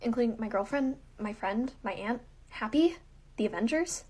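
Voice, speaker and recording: A woman voicing an anxious teenage boy hero, asking quiet, hesitant questions. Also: a little high, animated, moderate pace, husky, pitched below the performer's own voice. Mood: worried.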